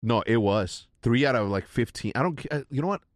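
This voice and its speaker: A man's voice: medium pitch, animated, fairly quick, dry recording. A man from Illinois in casual chat, tripping over his words and restarting often in a self-deprecating way. His voice sits in a middle register and sounds close and dry, with no room around it. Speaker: podcast co-host.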